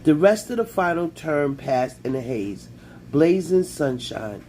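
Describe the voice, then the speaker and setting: A man reading a children's fantasy novel aloud in a measured storytelling manner. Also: a little high, lively intonation, a little mellow, slight background noise, rough recording. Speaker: audiobook reader.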